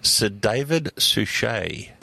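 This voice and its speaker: A man's voice: lowish voice, expressive, vocal fry, pushed and bright, dry recording. A man co-hosting a radio show who chats casually, answers briefly and laughs easily. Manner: quick agreeing replies, laughs easily. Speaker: radio co-host.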